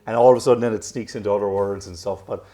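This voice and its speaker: A man in his thirties with an Irish accent that has picked up some American edges, talking in a loose, rambling way full of self-corrections. His voice sits fairly low and sounds warm and mellow, never sharp. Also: fairly even intonation, racing. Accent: Irish with some American drift. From Ireland. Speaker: professional golfer, guest. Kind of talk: casual interview chat.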